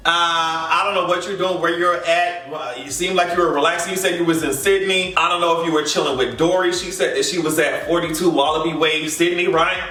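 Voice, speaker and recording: A bright, high-voiced man riffs through celebrity gossip with sassy asides, often breaking into laughter. He sits some way from the mic, and the room lends a hollow echo. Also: fairly even intonation, a little fast, few pauses, recorded from a distance. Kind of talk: casual pop-culture commentary.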